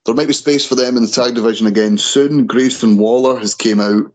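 A man's voice: medium pitch, fairly even intonation, fairly quick, darkish tone, poor audio. A man co-hosting a wrestling chat show in a casual way, often stumbling and restarting over names. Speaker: wrestling podcast co-host.

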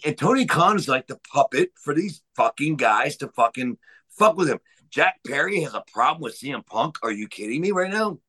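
Profane, heated man ranting, lively pitch. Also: husky, poor audio. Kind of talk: profane wrestling rant.

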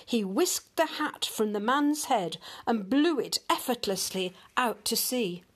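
Brief: older grandma narrator reading a children's fable, unhurried and expressive. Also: female voice, a little high, slightly rough. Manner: gentle, expressive storytelling. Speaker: grandmother reading storybooks aloud. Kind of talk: storybook read-aloud narration.

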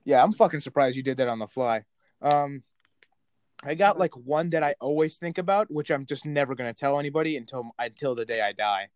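A man's voice: medium pitch, a little fast. A young man co-hosting a podcast, telling blunt stories full of swearing. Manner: profane, blunt storytelling. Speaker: podcast co-host. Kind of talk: casual podcast chat.

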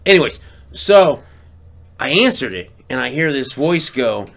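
A man's voice: medium pitch, big pitch swings, unhurried, fairly bright tone. A man co-hosting a podcast in casual chat, telling rambling stories full of swearing. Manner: profane, rambling storyteller. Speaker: podcast co-host.

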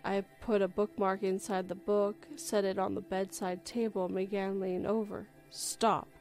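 Casual woman host reading a creepy first-person tale, middle-pitched voice, faint music underneath. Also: normal speed. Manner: relaxed reading with frequent self-corrections. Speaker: story reader and livestream host. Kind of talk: reading a horror story aloud.

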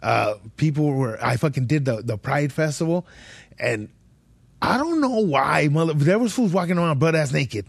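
A man's voice: fairly high pitch, lively intonation, normal speed, gravelly, dry recording. A young man, hosting a podcast and telling a rambling, slangy, profane travel story in casual chat. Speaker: podcast host.

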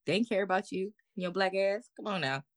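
A woman co-hosting a podcast, telling a story in a casual, animated way, slangy and swearing freely. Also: medium pitch, brisk, dry recording. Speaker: podcast co-host.

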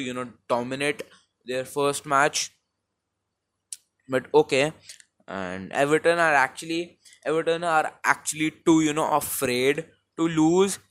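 A young man from India with an Indian English accent, rambling through a casual football recap with many fillers and restarts on a low-quality home mic. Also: a bit bright. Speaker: football vlogger. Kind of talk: casual match recap monologue.

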